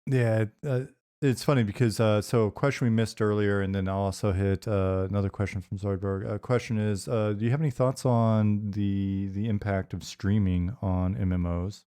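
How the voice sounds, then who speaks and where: A male host with a low, mellow voice, leading a casual interview. He weighs his words carefully and poses questions in a thoughtful, unhurried manner. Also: steady tone, clear, resonant tone.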